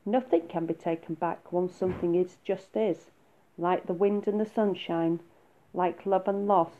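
A woman voicing a calm, wise little male rabbit who lectures gently and patiently. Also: on the low side, unhurried, lightly acted. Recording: phone-like narrow sound.

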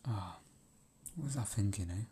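A man's voice: lowish voice, animated, moderate pace, dark tone, husky. A man ranting in a rambling, profane monologue, laughing often and repeating himself.

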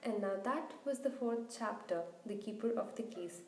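A woman reading a children's book aloud in an expressive, animated way. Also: on the high side, moderate pace, gravelly, slight background noise. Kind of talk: storybook narration. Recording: roomy echo.

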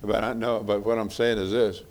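A middle-aged man delivers a sermon in a folksy, conversational manner, often repeating himself for emphasis. His voice sits low and carries a gravelly rasp. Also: level tone, normal speed, a little mellow. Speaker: preacher. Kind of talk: sermon on marriage.

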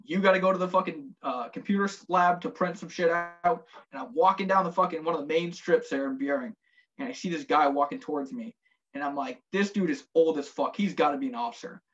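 A former Marine telling profane, lively war stories in casual chat, acting out the quotes. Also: male voice, fairly high pitch, brisk, highs cut off. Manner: profane, animated storytelling with acted quotes.

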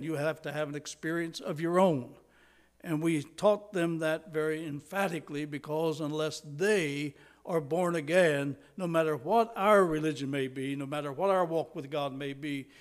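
An older man delivers a sermon from the pulpit, earnest and emphatic. His voice sits a little higher than most men's, and he leans hard on repeated words to drive each point home. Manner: earnest, emphatic preaching with stressed repetitions. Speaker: preacher.

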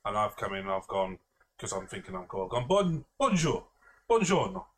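This male podcast co-host has a deep, fairly bright voice and talks fast in a level tone. A casual storyteller, he rambles, pokes fun at himself, swears a lot and laughs often, over faint background noise.

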